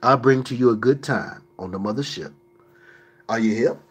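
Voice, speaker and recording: A man's voice: medium pitch, moderate pace, slightly rough. A man hosting a livestream, answering viewer questions in an emphatic, preachy way with mocking asides.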